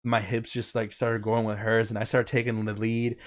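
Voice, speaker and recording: A man's voice: lowish voice, little pitch movement, normal speed. Laid-back young man telling a story. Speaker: streamer host. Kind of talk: casual chat.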